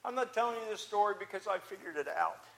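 A man's voice: high-pitched, animated, fast. A man playing impulsive, earnest Peter. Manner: earnest, searching, with frequent restarts. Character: the apostle Peter, impulsive talkative fisherman. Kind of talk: first-person dramatic monologue.

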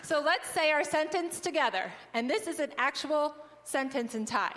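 A woman's voice: high voice, expressive, moderate pace, a bit bright. A woman leading an audience through a group exercise, cheerful and teacherly, laughing often. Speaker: missionary presenter. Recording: long hall reverb.

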